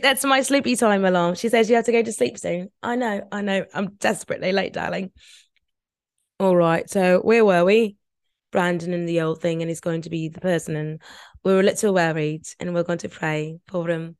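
A woman's voice: medium pitch, fairly quick, no room sound, studio quality. A woman hosting a podcast, giving casual, rambling commentary on a reality show with lots of swearing. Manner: rambling, profane, chatty. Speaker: former nursing and medicine worker.

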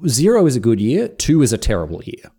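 A man's voice: mid-range voice, wildly swooping pitch, quick pace, mellow, husky. A man co-hosting a podcast, telling travel stories and trivia in a rambling, playful casual chat. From Australia. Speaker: podcast co-host.

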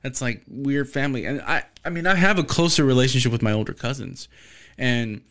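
A man on a podcast, chatting casually and telling an animated, profane story. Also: mid-range voice, fairly quick.

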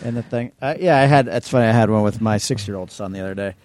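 A man's voice: on the low side, fast talker, a little mellow. A man co-hosting a podcast in casual chat, easygoing, retelling a family scene in dialogue. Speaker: podcast co-host.

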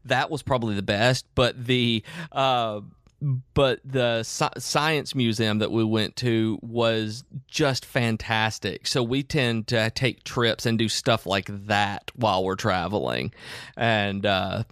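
A man's voice: mid-range voice, fairly bright tone, clean tone, no room sound, clean studio sound. A young man from Tennessee, co-hosting a podcast in rambling casual chat full of fillers. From southern Middle Tennessee, US. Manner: rambling, many fillers and restarts. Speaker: podcast co-host.

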